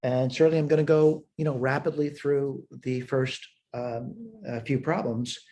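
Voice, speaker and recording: A male math instructor records a lesson walkthrough at a whiteboard while screen sharing, thinking aloud as he works through problems step by step. His medium-pitched voice is mellow, with little pitch movement, at a normal speed.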